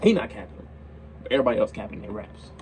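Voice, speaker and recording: A man's voice: lowish voice, sing-song, fast talker, a little mellow, slight background noise, poor audio. A young man hosting a reaction video, talking in a casual, slangy way and repeating himself as he gets worked up.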